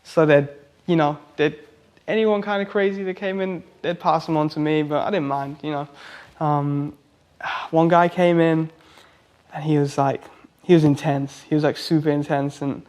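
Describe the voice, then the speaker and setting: A man's voice: on the high side, steady tone, moderate pace, darkish tone. A man, a tattoo artist and singer, telling stories in a casual, rambling way full of "like" and restarts. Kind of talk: casual anecdote storytelling.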